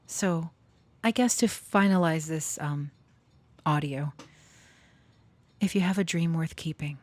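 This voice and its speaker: A woman speaking emotionally in a casual personal talk, nervous and close to tears, laughing softly between thoughts. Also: low-pitched, slow, dry recording. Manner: sings and half-whispers song lyrics. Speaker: channeler and storyteller.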